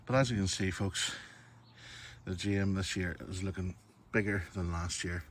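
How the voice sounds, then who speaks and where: A man's voice: low voice, steady tone, moderate pace, slight background noise. A man with a Northern Irish accent, chatting casually to viewers as he walks through his garden filming on his phone. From Northern Ireland. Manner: chatty, keeps addressing viewers as folks. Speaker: garden vlogger. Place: outdoors in a garden. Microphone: phone camera held while walking.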